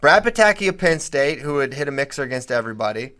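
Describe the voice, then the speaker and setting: A man co-hosting a casual sports podcast, talking in quick bursts and getting emphatic when he makes a point. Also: mid-range voice. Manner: animated, rising emphatically when making a point. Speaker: podcast co-host.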